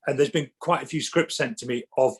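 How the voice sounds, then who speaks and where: A man guesting on a podcast in casual chat, telling animated stories and acting out what people said. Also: medium pitch, brisk, husky. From England. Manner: animated storyteller, acts out quotes, many restarts.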